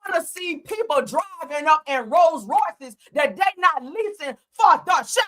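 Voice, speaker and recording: A woman on her own channel tearing into a reality show in a blunt, cursing, sarcastic rant. Her voice sits high and bright and swoops up and down as she goes off. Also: lively intonation, a little slow, a little hiss or hum. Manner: blunt, profane, heated, sarcastic. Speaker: host. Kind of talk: ranting reality TV commentary.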